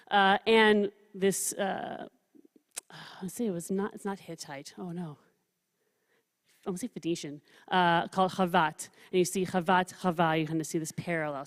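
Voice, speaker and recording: A woman rabbi teaching a study session in a casual, humorous way, reading scripture quotes with lively emphasis. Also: mid-range voice. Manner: chatty, humorous, reads quotes with animated emphasis. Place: synagogue hall. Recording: long reverb of a large room.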